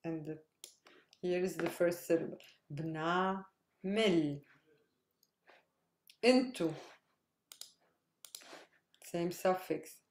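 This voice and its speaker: Slow, patient woman teacher, echoey room. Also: on the low side, warm tone, a little hiss or hum. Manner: patient, spells out letters one by one and repeats words. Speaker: Arabic teacher. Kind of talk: slow explanatory lesson.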